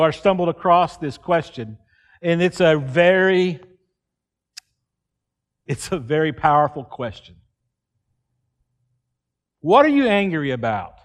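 A man, preaching an earnest sermon in church and acting out quoted pleas. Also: a little high. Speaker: pastor.

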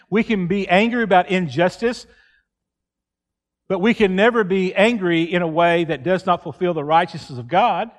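A man, preaching an earnest sermon in church and acting out quoted pleas. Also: sits high. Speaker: pastor.

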